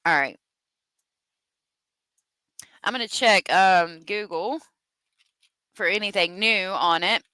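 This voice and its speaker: A woman's voice: mid-range voice, takes it slowly, pauses often, pushed and bright, clean tone, no room sound, low-quality recording. A woman hosting a true crime livestream, chatting casually, reading viewer comments aloud and laughing often.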